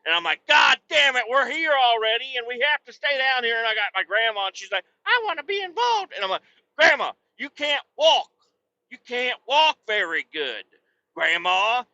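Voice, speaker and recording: A man hosting a podcast, telling a casual, profanity-heavy story and working himself up into shouting tirades. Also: high voice, dry recording, lo-fi sound. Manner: swears constantly, works himself up into shouting tirades. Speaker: podcast host.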